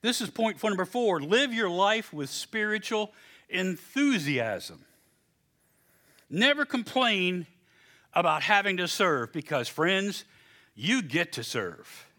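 An older man, a pastor, preaching an animated sermon, acting out little voices and laughing at his own stories. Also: high-pitched, slow pace.

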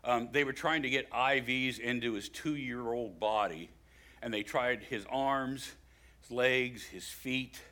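An older man from West Virginia with a West Virginian accent, preaching a sermon that swings from hushed storytelling to loud, emphatic preaching. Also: medium pitch, slow. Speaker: pastor.

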